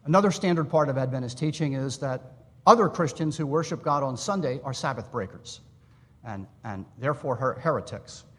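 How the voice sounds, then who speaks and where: A man giving an academic lecture, explaining history in a measured way with asides to his listeners. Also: medium pitch, lively intonation, fairly bright tone. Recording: long reverb in a hall.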